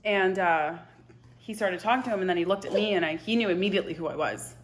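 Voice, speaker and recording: A woman in her twenties telling a personal story to camera in a halting, emotional way, often dropping to a hushed voice. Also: mid-range voice, slight background noise. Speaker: vlogger.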